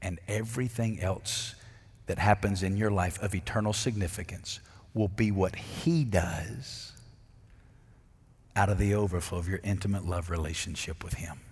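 A man's voice: sits low, moderate pace, slightly rough. Preaching man in a reverberant sanctuary. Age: middle-aged. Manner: dramatic swings between loud emphatic preaching and hushed intimate asides. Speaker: pastor. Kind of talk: sermon.

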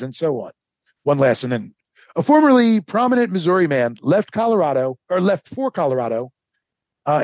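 High-voiced guy rambling thru a history story, husky, dry close mic. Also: no room sound. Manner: animated storytelling with many fillers. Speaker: podcast co-host. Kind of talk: casual history podcast chat.

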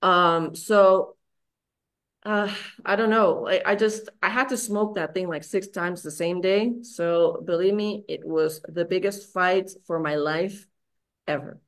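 Candid woman with a low voice. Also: steady tone, a little slow. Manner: raw, frank, swearing, many fillers and restarts. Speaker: podcast guest. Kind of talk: candid personal storytelling.

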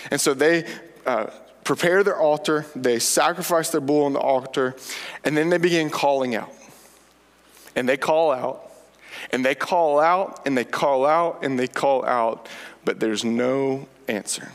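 A man delivers a sermon in a fairly high voice, retelling the story with lively, playful asides. His voice carries a long reverb, as if spoken in a large hall. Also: a little slow. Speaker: pastor.

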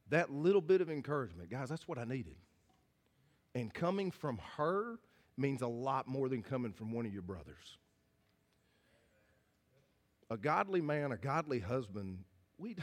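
Earnest pastor preaching a sermon. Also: male voice, medium pitch, big pitch swings, normal speed. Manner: earnest, folksy, repeats and restarts phrases. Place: church hall with congregation.

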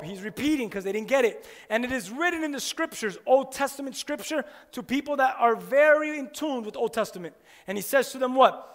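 A man preaching a sermon in an animated way, firing rhetorical questions at his listeners. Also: very high-pitched, a little fast. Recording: long hall reverb.

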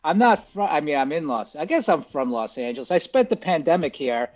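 A man, a comedian guest, chatting loosely over a video call, halting and restarting as he goes. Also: fairly high pitch, expressive, darkish tone, dull audio.

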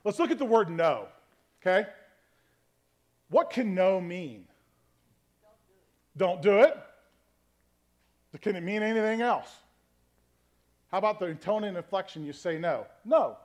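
A man with a notably high voice preaches a sermon in a relaxed, conversational teaching style. He checks in with his listeners often and plays with tone to make his points. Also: unhurried, pauses often. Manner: conversational teaching, frequent "okay?" check-ins; varies tone to demonstrate meanings. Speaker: pastor.

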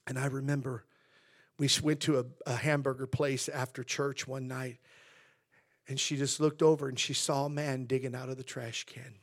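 A man preaches with a gravelly, husky voice at a mid pitch. He climbs louder and higher to drive points home, then sinks to a near whisper. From Southern California. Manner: swells loud and high for emphasis, then drops to hushed tones. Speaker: pastor. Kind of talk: sermon.

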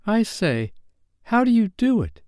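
A man's voice: high voice, sing-song, unhurried, darkish tone, dry recording, clean studio sound, pitched above the performer's own voice. A man playing an eager, practical young boy. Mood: curious.

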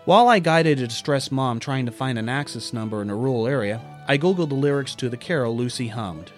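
A man's voice: mid-range voice, lively intonation, fairly quick, faint music behind. Wry man telling a workplace story. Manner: wry, self-deprecating storytelling with character voices. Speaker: narrator. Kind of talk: personal story narration.

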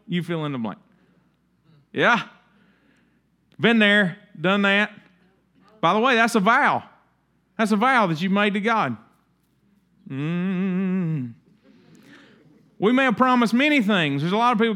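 High-voiced man preaching conversationally. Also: animated, measured pace, pauses often, pushed and bright. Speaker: pastor. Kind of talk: sermon.

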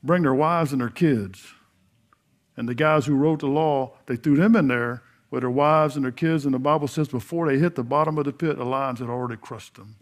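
A middle-aged man preaching a sermon, telling a Bible story in a folksy way and acting out the dialogue, swinging between loud emphasis and hushed earnestness. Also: medium pitch, fairly even intonation, a little fast, hardly any pauses. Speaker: pastor.

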